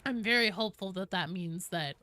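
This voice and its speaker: Casting: young West Coast American woman, chatty gaming streamer, bright lively voice, dry close mic. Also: mid-range voice, a little fast, no echo. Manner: chatty, rambling with fillers, swears casually. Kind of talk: casual gaming livestream chat.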